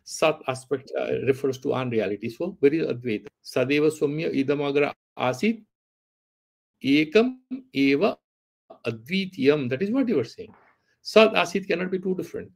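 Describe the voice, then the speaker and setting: A man's voice: fairly high pitch, a little fast, creaky. A man teaching Vedanta, reciting Sanskrit verses and arguing with an imagined student through rhetorical questions. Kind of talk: philosophy lecture with Sanskrit recitation.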